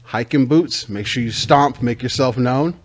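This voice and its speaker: A man's voice: medium pitch, a little slow. An American man hosting a casual comedy podcast, swearing freely and riffing like a pushy salesman. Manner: profane, riffing, mock-salesman energy. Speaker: podcast host.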